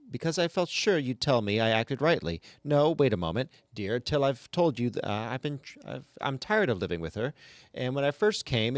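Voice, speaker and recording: A man voicing a garrulous, self-pitying old woman ghost who complains in shrill, whining run-on sentences. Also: no echo, natural voice. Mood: aggrieved.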